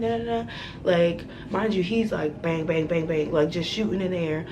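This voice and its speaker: Animated young woman telling a story. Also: on the low side, normal speed, noisy background. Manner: animated, profane, dramatic retelling. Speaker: vlogger. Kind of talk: storytime vlog.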